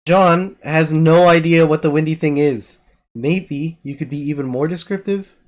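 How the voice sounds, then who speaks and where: A reader narrating a group readthrough and teasing the other players in a lively, casual way. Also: mid-range voice, normal speed. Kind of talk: casual reading and chat.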